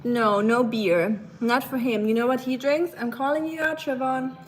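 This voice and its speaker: A woman's voice: high voice, steady tone, normal speed, reverberant, a little hiss or hum, low-quality recording. A woman from Germany with a German accent, hosting a casual cooking live stream in a chatty, playful, self-mocking way.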